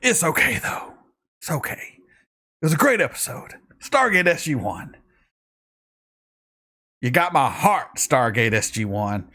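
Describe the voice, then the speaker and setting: A man hosting a reaction video, recapping an episode in a fast, rambling, excitable way while tired from a night shift. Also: mid-range voice.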